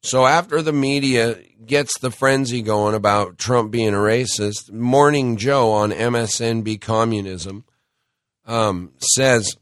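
Slow, indignant man with a cold. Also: mid-range voice, dry recording, clean studio sound. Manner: indignant, emphatic, addresses listeners as folks. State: has a cold, clears throat. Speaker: talk show host. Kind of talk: opinionated monologue.

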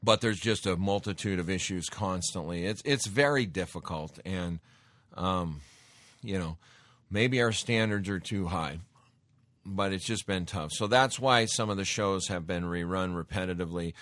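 Male talk radio host, low voice, dry close mic, emphatic monologue with lots of restarts. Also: moderate pace, a bit bright, no echo. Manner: emphatic, repeats words and restarts.

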